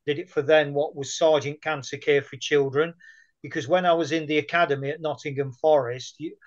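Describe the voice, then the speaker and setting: A man's voice: fairly high pitch, fairly even intonation, brisk. Chatty man, muffled audio. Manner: chatty, anecdotal storyteller. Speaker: guest. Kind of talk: casual conversation.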